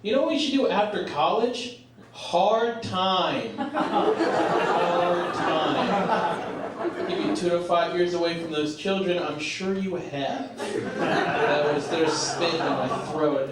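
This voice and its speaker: A young man performs stand-up in a small club, his slightly high voice picked up from a distance in a very echoey room. He talks in a halting, self-deprecating way, full of fillers. Audience laughter rolls in behind him. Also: steady tone, background noise. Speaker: stand-up comedian. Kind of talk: stand-up comedy set. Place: small comedy club stage.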